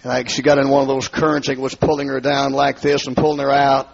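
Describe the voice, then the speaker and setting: A gravelly, husky-voiced man with a rural Southern accent tells his testimony to a hall with a balcony. His voice sits a little high and climbs into shouted revival preaching. The recording is dull and lo-fi. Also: completely flat delivery, fairly quick. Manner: swings from low storytelling to high shouted preaching. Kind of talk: fiery revival sermon.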